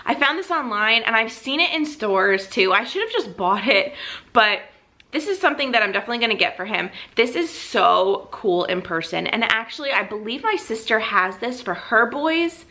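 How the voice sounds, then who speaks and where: Young woman vlogger, bright and bubbly, slightly breathless, casual to-camera chat. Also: fairly high pitch, big pitch swings, moderate pace. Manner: bubbly, gushing, frequent "like". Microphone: camera mic, seated.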